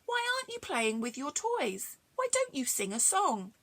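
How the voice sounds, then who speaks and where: A woman's voice: sits high, huge pitch swings, normal speed, fairly bright tone, dry recording, pitched above the performer's own voice, full character voice. A woman voicing a brave, indignant old farmer in a rhyming children's story, firm and scolding. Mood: concerned.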